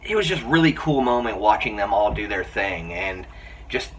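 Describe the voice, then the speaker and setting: A man giving a casual, excited film review, chatty and full of fillers, often laughing. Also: fairly low pitch, moderate pace, husky. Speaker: movie reviewer. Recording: voice a bit far from the mic, faint background noise.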